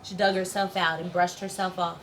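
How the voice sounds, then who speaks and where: A woman teacher reading a folk tale aloud, lively, with playful sound words. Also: fairly low pitch, fairly quick, background noise. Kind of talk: storybook read-aloud.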